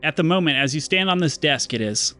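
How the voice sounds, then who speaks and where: A man running a tabletop role-playing game as game master, narrating descriptively and slowing down for dramatic moments. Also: on the high side, expressive, sharp tone.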